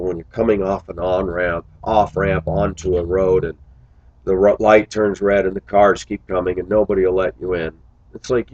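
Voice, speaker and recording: A man's voice: low-pitched, darkish tone, no room sound, lo-fi sound. A man who drives a school bus, talking earnestly to his viewers in a casual, reflective monologue full of little stories.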